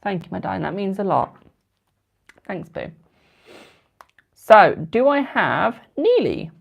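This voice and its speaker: A man's voice: high voice, sing-song, slow, creaky. A twenty-year-old man giving tarot readings on a live stream, chatting casually and affectionately calling viewers darling and boo. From United Kingdom. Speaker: tarot reader.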